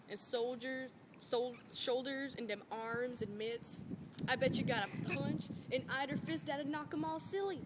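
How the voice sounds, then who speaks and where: A tough, bitter working-class man, blunt and rough-spoken, full of clipped street slang, as read by a woman. The voice sits high for the part. Heavy noise hisses underneath in this amateur play reading. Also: close to an everyday voice. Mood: admiring. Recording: loud background noise.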